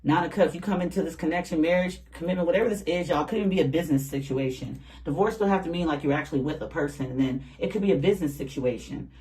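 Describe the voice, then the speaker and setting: A tarot reader giving a casual, animated reading straight to the viewers, talking in loose slang and laughing often. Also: medium pitch, fast, few pauses, rough recording.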